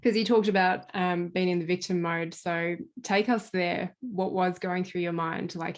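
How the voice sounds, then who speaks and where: Low, flat-voiced woman interviewer. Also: moderate pace, few pauses. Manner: quiet, flat, with short affirming murmurs.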